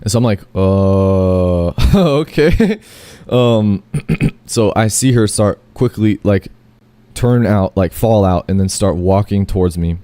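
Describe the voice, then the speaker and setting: A man's voice: lowish voice, fairly even intonation, unhurried, dark tone, no echo. A man telling a long, rambling first-person story, full of fillers, self-corrections and casual swearing.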